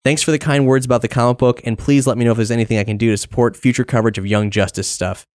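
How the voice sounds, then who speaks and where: Brief: male podcast host, mid-pitched, upbeat casual delivery, reads listener notes. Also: fairly even intonation, very fast, a little mellow. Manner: upbeat, reads supporter names and messages.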